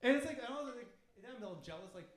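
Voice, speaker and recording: A man doing a crude, animated stand-up comedy set on a club stage, acting out voices, with audience laughter around him. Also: extremely high pitch, rapid-fire. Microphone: handheld stage mic. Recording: echoey club room.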